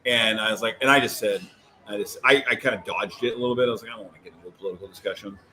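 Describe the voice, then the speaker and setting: A man co-hosting a podcast, chatting casually and telling animated stories with lots of fillers. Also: lowish voice, rapid-fire. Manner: rambling, animated storytelling with many fillers. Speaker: co-host. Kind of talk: casual chat.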